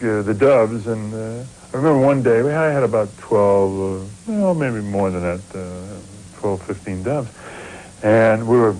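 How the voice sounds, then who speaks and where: A man's voice: lowish voice, darkish tone, poor audio. A man telling a rambling, hesitant anecdote with many fillers in an interview. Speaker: former player interviewee.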